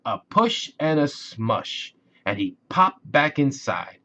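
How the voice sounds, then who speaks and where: A man reading a children's bedtime story aloud in a slow, expressive storybook manner. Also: mid-range voice. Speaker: narrator. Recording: dull lo-fi audio with music.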